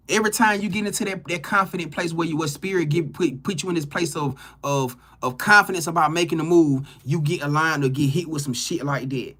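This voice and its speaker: A man's voice: fairly high pitch, quick pace, few pauses, a bit bright. A man reading tarot cards live for his viewers, talking loosely and animatedly with slang, repetition and swearing. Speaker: tarot reader on a live stream. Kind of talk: casual spiritual talk to viewers.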